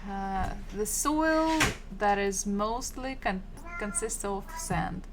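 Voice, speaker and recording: Woman streaming a language lesson from home, unhurried and patient, repeats each word, faint typing behind her. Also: medium pitch, lively intonation, background noise. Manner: slow, patient, repeats words several times, chats with viewers. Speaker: Russian language teacher.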